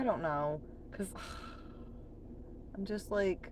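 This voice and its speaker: A woman talks in a slow, unhurried drawl on a late-night livestream from home. She is chatty and profane, laughs often, and answers her chat as she goes. A faint hum of noise sits behind her voice. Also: low voice.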